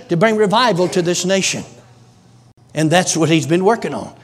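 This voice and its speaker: A middle-aged man preaching with a drawl, his voice sitting notably high for a man. He talks in a homespun, emphatic way, weaving stories into his exhortations. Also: animated, normal speed. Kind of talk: folksy revival preaching.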